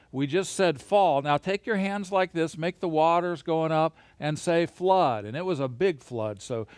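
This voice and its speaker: A man teaching a Bible lesson to children and families, lively and encouraging, guiding them through hand motions as he talks alone into a camera. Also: on the high side, smooth, dry recording, clean studio sound. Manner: lively, gesture-led, encouraging.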